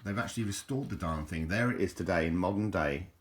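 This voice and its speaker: Male host, deep voice, casual and meandering with lots of restarts. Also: fast. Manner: chatty, hesitant, with frequent restarts. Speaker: video host. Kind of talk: casual rambling commentary over photos.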